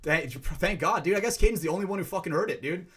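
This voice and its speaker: A young man co-hosting a casual podcast, telling stories in an animated, profane way. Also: sits high, quick pace, breathy edge. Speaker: podcast co-host.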